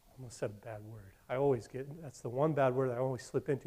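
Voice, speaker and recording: A pastor preaching a sermon with emphatic, repetitive exhortation. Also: male voice, mid-range voice, lively intonation, brisk.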